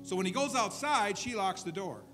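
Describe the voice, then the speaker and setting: A man's voice: high-pitched, animated, normal speed, music in the background. A man preaching a sermon as pastor, telling a story in a conversational way with frequent asides to his congregation. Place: church service.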